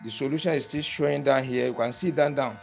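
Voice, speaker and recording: A man's voice: mid-range voice, quick pace, creaky, darkish tone. A man giving a hands-on tutorial, repeating each step and often asking whether the viewer can see what he is doing. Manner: repetitive step-by-step instructions, keeps checking the viewer follows. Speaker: barber tool instructor.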